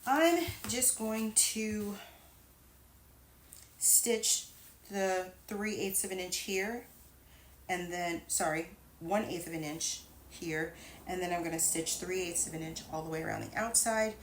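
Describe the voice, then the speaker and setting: A woman's voice: on the low side, a little slow, slight background noise, poor audio. Patient woman explaining quilting steps. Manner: patient, step-by-step explaining with small asides. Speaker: quilting instructor. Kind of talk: sewing tutorial voice-over.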